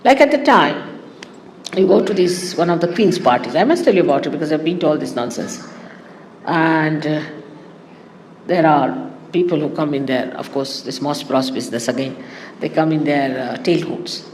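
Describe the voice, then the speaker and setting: A woman giving a spiritual talk to her followers in an animated, teasing way, often laughing. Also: low-pitched, moderate pace, big-room sound, a little hiss or hum. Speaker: spiritual teacher.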